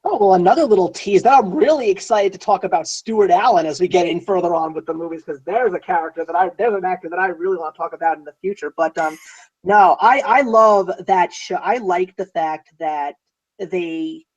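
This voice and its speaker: A man co-hosting a film podcast, talking casually and excitedly, sometimes drifting away from his microphone. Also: sits high, a little fast, dull audio. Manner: excitable, drifts off the mic when enthused. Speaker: podcast co-host.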